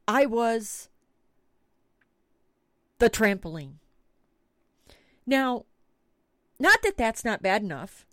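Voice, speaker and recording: A woman's voice: fairly high pitch, no room sound, clean studio sound. A middle-aged woman host telling a comic story with frequent swearing and dramatic emphasis. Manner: animated, swears freely, dramatic retelling. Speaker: podcast host.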